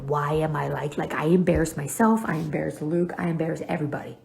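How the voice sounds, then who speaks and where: Gravelly woman vlogger. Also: low voice, fast talker, few pauses. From North Carolina, US. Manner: self-deprecating, animated storyteller. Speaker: lifestyle vlogger. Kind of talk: casual storytelling to camera. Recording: echoey room.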